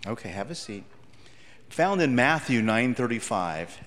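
A pastor delivers a children's message, recounting a story from his school days and quizzing the kids along the way. He's animated, speaks at a measured pace, and his widely swinging pitch rings through a large, echoey church hall.

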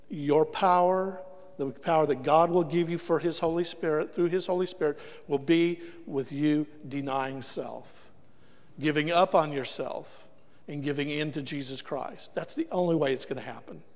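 A man's voice: on the high side, measured pace, long reverb tail. A man preaching a sermon to a congregation, emphatic and throwing rhetorical questions at the listeners, recorded in a church. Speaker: guest preacher. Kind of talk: sermon with altar call.

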